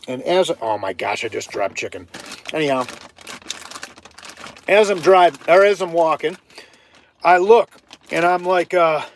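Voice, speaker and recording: A man from Ohio telling a hiking story on a casual live stream, chatty and animated, breaking off to greet viewers. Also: on the high side, takes it slowly, long pauses, slight background noise. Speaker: livestreaming vlogger.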